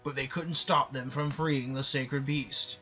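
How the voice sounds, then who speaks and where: A man's voice: mid-range voice, fairly even intonation, a little slow, pushed and bright, faint music behind. A man giving casual, sarcastic, rambling commentary over a game. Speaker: gameplay commentator.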